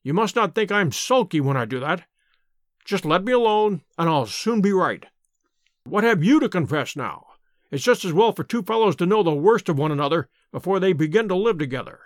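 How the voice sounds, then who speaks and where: A brisk, confiding eccentric detective, as a man reads him aloud in a storybook reading. The voice sits high and moves with lively rises and falls. The recording is dry and close. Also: no echo. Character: sharp, eccentric male amateur detective. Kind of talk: audiobook character reading.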